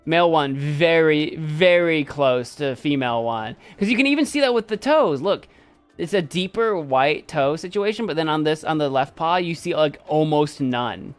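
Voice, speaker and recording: A man's voice: a little high, animated, normal speed, smooth, faint music behind. A man chatting casually on a live stream, giving playful commentary.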